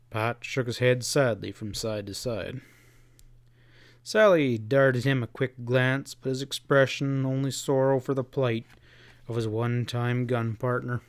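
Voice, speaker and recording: A man's voice: medium pitch, fairly even intonation, measured pace, no echo. Male audiobook narrator, dry close sound. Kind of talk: scripted narration.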